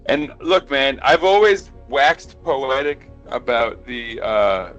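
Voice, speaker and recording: A man with an American accent hosting a casual football podcast, relaxed and reading listener comments aloud. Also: medium pitch, slow pace, muffled recording, soft background music. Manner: relaxed, laughs often, reads comments aloud. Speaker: podcast host.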